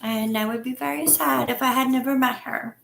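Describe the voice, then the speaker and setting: A woman chats effusively with viewers on a webcam during a casual live stream from home, often acting out her own past lines in a higher voice. Her voice is steady, slightly bright, a bit fast, with vocal fry. The recording has echoey room sound and a little hiss or hum.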